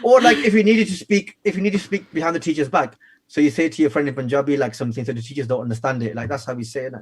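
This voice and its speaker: A man's voice: medium pitch, rapid-fire. A man from the UK, a guest author telling playful, chatty stories in a radio interview. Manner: lively, chatty, playful storyteller. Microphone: radio studio microphone.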